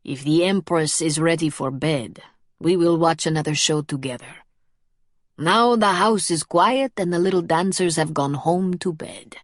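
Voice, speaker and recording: Gruff older Russian man, read by a woman, clipped and slow, low voice, dry studio sound. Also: no echo. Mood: gentle. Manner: clipped broken phrasing, blunt.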